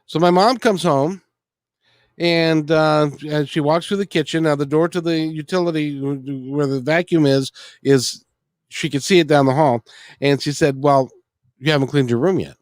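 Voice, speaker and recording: A man's voice: on the high side, steady tone, moderate pace, no room sound, studio quality. A man hosting an interview, telling a story in a casual, good-humored way and often restarting his phrases. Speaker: interview host.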